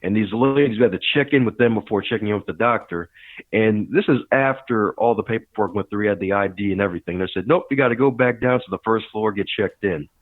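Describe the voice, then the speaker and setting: A man with a fairly low voice tells a lively story as a podcast guest, acting out other people's lines and breaking into big laughs. His voice comes through a thin, phone-like line. The sound is dry, with no room echo. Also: fast. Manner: animated storyteller who acts out quotes and laughs loudly. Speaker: podcast guest, author and speaker. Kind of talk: casual storytelling interview. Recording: tinny phone-like remote line.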